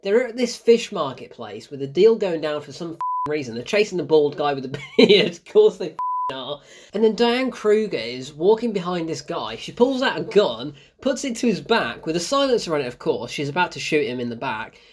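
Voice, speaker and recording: This is a film reviewer speaking casually to camera and tearing into a bad movie. The delivery is sarcastic and exasperated, full of mild swearing and bursts of laughter, at an ordinary middle pitch. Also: sing-song, moderate pace, background noise.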